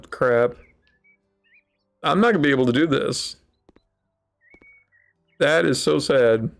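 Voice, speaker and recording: A man's voice: a little high, creaky. A man giving casual let's-play commentary in a rambling, wry way, with mock-dramatic sulking. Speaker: gaming channel host.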